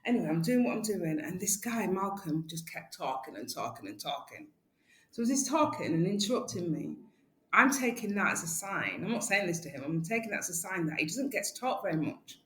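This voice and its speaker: A woman guest telling lively stories in a casual interview. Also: on the low side, a little fast. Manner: lively, animated storyteller. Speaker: guest, community organiser. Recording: echoey room, faint background noise.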